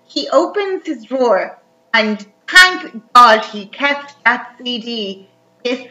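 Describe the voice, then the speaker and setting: A woman's voice: fairly high pitch, expressive, slow, bright, forceful tone, soft background music. A woman chatting animatedly, recapping a film as a podcast co-host. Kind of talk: casual chat recapping a film. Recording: roomy, dull lo-fi recording.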